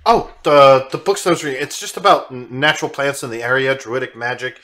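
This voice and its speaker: A man narrating and running a tabletop game, animated and quick to laugh. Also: mid-range voice. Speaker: game master.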